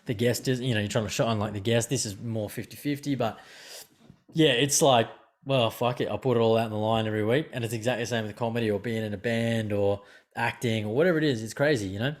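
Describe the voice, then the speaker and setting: A man's voice: medium pitch, fast talker. A man hosting a podcast, talking loosely and rambling in casual chat. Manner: rambling, loose, lots of fillers and restarts. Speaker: podcast host.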